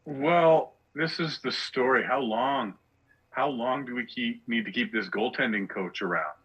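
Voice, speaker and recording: Bright-voiced ranting male comedian. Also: medium pitch, a little slow, dull audio. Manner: ranting, sarcastic, rhetorical questions. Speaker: guest comedian. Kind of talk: casual podcast chat.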